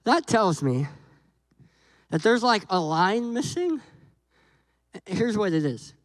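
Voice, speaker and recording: Delivering a sermon as a visiting pastor, this man jokes around and plays out dialogues between God and Moses with animated energy. He speaks slowly in a high voice; the audio is poor but free of echo.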